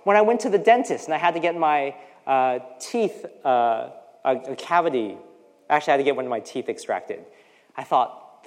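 A preacher in their forties from the U.S. speaks in an animated, medium-pitched voice at a moderate pace. Their conversational sermon is full of personal asides and acted-out quotations. The room adds long hall reverb.

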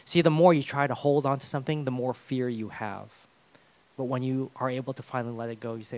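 A man's voice: medium pitch, fairly even intonation, quick pace, darkish tone, no room sound. A man preaching a sermon as a pastor, conversational with self-deprecating humor.

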